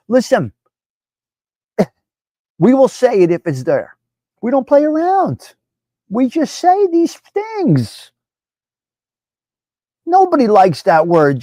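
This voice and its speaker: A man's voice: on the high side, a little mellow, no echo. Blunt, profane male stream host. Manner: blunt and profane, reads viewer comments aloud. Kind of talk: casual live stream chat.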